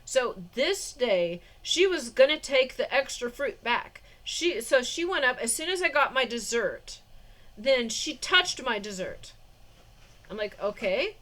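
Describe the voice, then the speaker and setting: A woman's voice: high voice, big pitch swings, a little slow, fairly bright tone. A woman vlogger telling a personal story in a rambling way, with restarts, fillers and short suspicious laughs.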